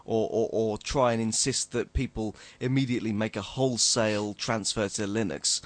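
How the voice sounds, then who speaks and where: A man's voice: lowish voice, fairly even intonation, moderate pace. A man co-hosting a casual group podcast, explaining ideas wryly with hesitant restarts. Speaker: podcast co-host.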